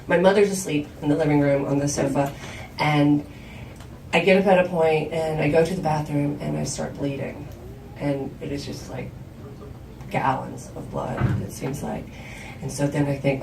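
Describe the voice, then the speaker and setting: A woman from South Georgia telling a personal story on stage at a live storytelling show, candid and conversational, acting out quoted lines in a higher voice. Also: moderate pace, gravelly, noisy background. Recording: roomy hall sound from a distant mic.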